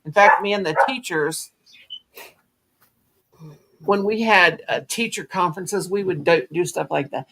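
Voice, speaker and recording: A woman's voice: lowish voice, unhurried, long pauses, fairly bright tone. Middle-aged woman, folksy earthy host on a craft stream. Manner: folksy storyteller, earthy and blunt. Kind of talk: casual chat on a live stream.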